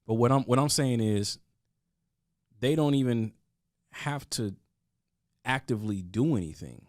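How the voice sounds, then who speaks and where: A man's voice: medium pitch, expressive, a little slow, no echo, clean studio sound. A man talking earnestly in a casual podcast discussion, often restarting his sentences. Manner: earnest, with frequent restarts and stammers.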